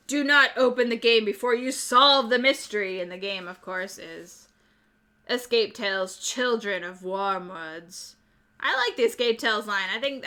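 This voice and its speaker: Woman host, slightly high and bright voice; casual, rambling talk about board games with replies to chat. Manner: chatty, rambling, reads out viewer chat. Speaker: board game channel host.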